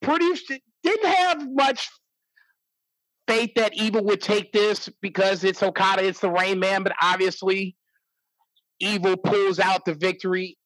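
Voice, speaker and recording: A man's voice: high voice, level tone, normal speed, fairly bright tone, no room sound, poor audio. Laid-back man with mock-preacher flair. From St. Louis, USA. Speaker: podcast co-host. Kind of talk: casual wrestling podcast chat.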